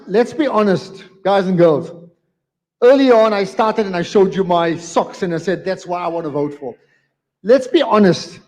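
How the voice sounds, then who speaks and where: Guy running a debate, high voice, keeps repeating himself, firm n a bit apologetic. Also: darkish tone. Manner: emphatic, repeats phrases, firm but apologetic. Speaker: debate moderator. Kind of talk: live debate moderation. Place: community centre hall, live event. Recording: long hall reverb.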